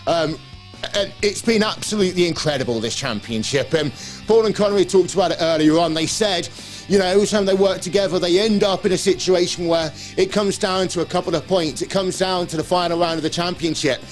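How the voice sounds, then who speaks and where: A man with a high voice hosts an esports broadcast, running through the results in an energetic and chatty way. Faint music plays underneath him. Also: a little fast. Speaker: broadcast presenter. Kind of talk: live esports broadcast presenting.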